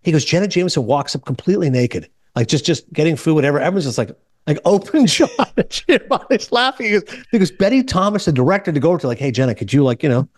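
A man hosting a casual movie podcast, telling stories quickly and acting out the people he quotes. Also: fairly high pitch, dry recording, clean studio sound. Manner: fast, animated storytelling with quoted voices. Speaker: podcast host.

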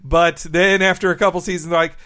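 An enthusiastic podcast co-host who laughs easily, with a fairly high voice for a man. He talks about cartoons in a relaxed, casual way. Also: a little fast. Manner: enthusiastic, giggly. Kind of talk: casual chat.

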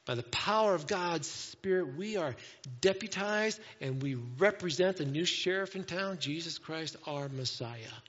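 A man preaching a sermon as pastor, talking in a conversational, animated way and acting out quoted voices. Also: on the high side, a little slow. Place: church sanctuary. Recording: dull sound with long reverb in a hall.

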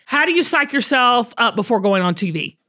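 A woman's voice: a little high, big pitch swings, a little fast, sharp tone. A woman with a Southern American accent hosting a casual interview chat, playful and teasing. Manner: playful, teasing, laughs often. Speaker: podcast host.

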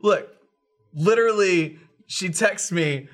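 A man's voice: sits high, slow. A young man on a podcast telling comic stories about friends, swearing freely. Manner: profane, comic storyteller. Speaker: podcast co-host. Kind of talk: casual group chat.

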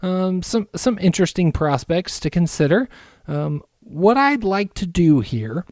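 A man's voice: big pitch swings, unhurried, a little mellow, no room sound, studio quality. A man doing a chipper folksy team executive. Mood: eager. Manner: folksy, overly polite sales pitch. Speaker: mock team executive on a trade call.

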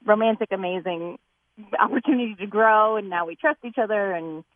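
A woman's voice: medium pitch, brisk, dry recording. A woman calling into a radio show, telling a personal story in a chatty way, laughing between words and saying "like" often. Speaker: caller. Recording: tinny phone line.

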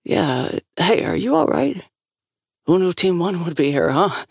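A woman's voice: fairly low pitch, big pitch swings, unhurried, creaky, darkish tone, breathy edge, no echo, clean studio sound, full character voice. A woman voicing an eager, boyish young man who gets flustered easily.

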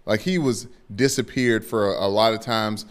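A man's voice: lowish voice, moderate pace. A man co-hosting a sports podcast in casual talk, playful and teasing, stammering when he gets defensive.

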